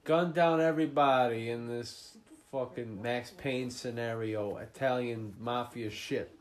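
A man's voice: medium pitch, fairly even intonation, unhurried. A man hosting a podcast, chatting casually about a movie while he watches it, swearing often and mocking the plot. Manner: profane, joking, mocking the plot. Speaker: podcast host.

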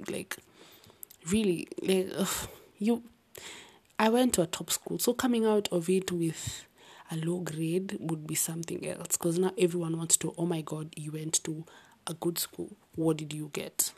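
A young woman with an accent, rambling about her life late at night in a soft, often half-whispered voice with sighs and restarts. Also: on the low side, husky. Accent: unnamed non-native-sounding accent. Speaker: vlogger.

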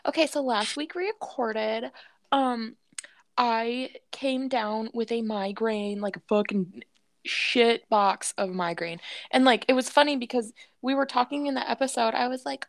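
A woman's voice: on the high side, measured pace, no room sound, studio quality. A woman co-hosting a podcast in casual chat, chatty and laughing often, swearing freely. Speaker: podcast co-host.

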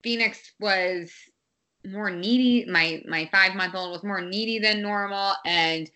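A woman's voice: medium pitch, unhurried, sharp tone. A woman in her thirties, a mother talking candidly about parenting in a casual conversation, with many fillers and restarts. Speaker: guest, parent.

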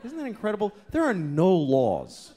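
A man's voice: high voice, huge pitch swings, normal speed. A man in his thirties doing a stand-up routine, profane and exasperated, dropping into mock voices. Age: 30s. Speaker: stand-up comedian. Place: comedy club stage. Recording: live club recording with loud crowd and room noise. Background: audience laughter.

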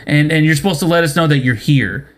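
A man's voice: fairly high pitch, fast talker. Profane, ranting young man telling a story. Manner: profane, exasperated ranting with acted-out quotes. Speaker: podcast co-host. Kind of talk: casual storytelling chat.

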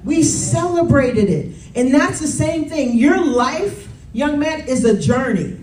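A woman in her thirties preaches a sermon in a conversational manner, often calling out "y'all" and "Amen" to the congregation. Her voice sits high and expressive, with a slow pace, a darkish tone, and a slight hiss or hum. Recorded in a church from a distance, the sound is roomy.

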